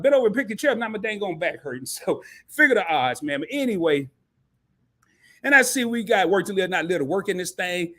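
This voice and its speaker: A man hosting a live stream talk show, talking in an energetic, slangy, casual way to his chat. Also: high voice, brisk. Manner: energetic, slangy, calls the audience "baby" and "man".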